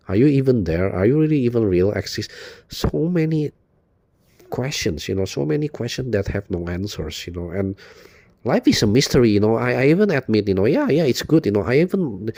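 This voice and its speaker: A man's voice: medium pitch, expressive, normal speed, warm tone, no room sound. A man giving an unscripted video monologue, rambling and profane, repeating "you know" constantly in a bitter tone. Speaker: video blogger.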